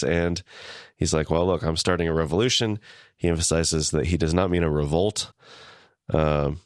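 A man co-hosting a podcast, calmly recapping an episode in casual chat. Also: deep voice, normal speed, smooth, no echo, clean studio sound. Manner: calm, recaps the episode, laughs easily. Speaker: podcast co-host.

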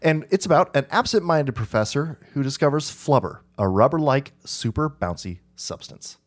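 Speaking at a normal speed in a medium-pitched, expressive voice, this podcast co-host chats casually. He drifts from point to point, fixes his own recollections mid-stream, and laughs readily.

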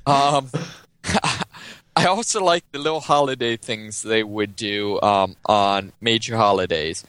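A man's voice: normal speed, clear, resonant tone, dry recording. A man reading out listener messages in a casual chat and reacting with amusement. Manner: animated, breaks into high yelled voices when acting out a story.

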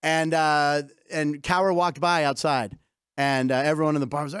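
A man's voice: mid-range voice, fairly even intonation, fast, fairly bright tone, smooth, no echo, studio quality. A man hosting a comedy sports show, telling stories and joking with guests, laughing often. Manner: jokey storyteller, laughs often. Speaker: host. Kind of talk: casual comedy sports chat.

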